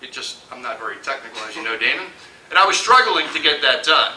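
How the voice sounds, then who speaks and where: Animated man telling stories on stage. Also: medium pitch, fast talker. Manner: animated, acts out quoted voices. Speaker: conference speaker. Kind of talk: storytelling keynote talk. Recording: echoey hall from far off.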